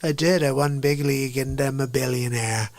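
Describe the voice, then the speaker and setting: A man's voice: medium pitch, fairly even intonation, normal speed, vocal fry, no room sound, pitched below the performer's own voice, lightly acted. A man doing a comedic impression of a boastful older male politician who brags in repetitive phrases.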